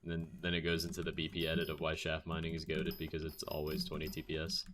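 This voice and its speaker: A deep-voiced man chatting on a game stream, bantering back at his viewers with wry, self-mocking jokes. A faint hiss sits under his voice. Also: monotone, quick pace, fairly bright tone. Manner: joking, self-mocking, defensive. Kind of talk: casual livestream chat reading comments.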